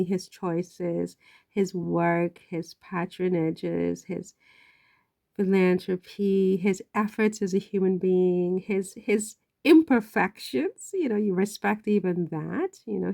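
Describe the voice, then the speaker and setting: A woman's voice: on the low side, creaky, mellow. A woman giving casual, emotional vlog commentary on royal news, chatty and prone to swearing.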